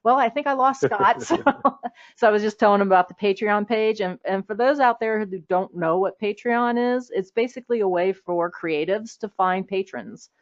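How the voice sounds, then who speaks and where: A woman's voice: medium pitch, moderate pace. A woman hosting an interview in casual chat, talking freely with frequent laughs and restarts over a video call. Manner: chatty, laughs often, many restarts and fillers. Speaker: host. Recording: slightly dull, muffled audio.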